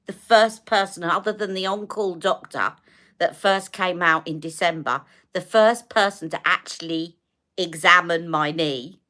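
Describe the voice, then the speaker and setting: A woman's voice: low-pitched, pushed and bright. A middle-aged British woman chatting casually on a live stream, telling a long story with exasperation and acting out the dialogue. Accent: British English. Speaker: beauty live-stream host.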